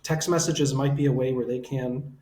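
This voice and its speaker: A man hosting a podcast, a counselor explaining relationship advice in a reflective, measured way. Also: mid-range voice, steady tone, warm tone, a little hiss or hum. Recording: echoey room with faint ambience.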